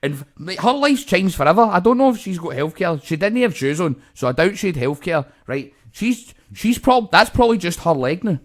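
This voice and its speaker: A man's voice: high voice, big pitch swings, normal speed, few pauses. A Scottish man, co-host of a comedy podcast, telling a story in casual chat, swearing a lot and acting out the voices of the people in it.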